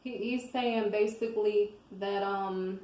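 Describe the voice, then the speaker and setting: A woman's voice: medium pitch, fairly even intonation, takes it slowly, darkish tone, reverberant, poor audio. A woman giving casual devotional commentary on scripture, talking in a rambling conversational way and often checking in with her listeners.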